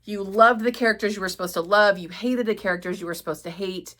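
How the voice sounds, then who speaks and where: A woman's voice: mid-range voice, fast talker, fairly bright tone. A woman talking casually in a book vlog, chatty and self-mocking as she rambles about her reading. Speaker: book vlogger.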